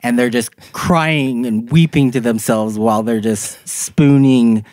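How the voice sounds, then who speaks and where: A man's voice: mid-range voice, unhurried, darkish tone, no echo. A man co-hosting a casual podcast, reading out idiom meanings and laughing often. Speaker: podcast co-host. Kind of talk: casual chat.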